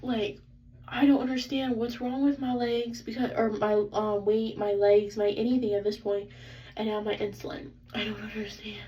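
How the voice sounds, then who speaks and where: A young woman tells an exasperated, animated story about a doctor's visit, filling her talk with "like". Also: a little high, moderate pace. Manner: animated, exasperated, heavy use of "like". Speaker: vlogger. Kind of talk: casual storytime rant. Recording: slightly distant, dull, faintly noisy.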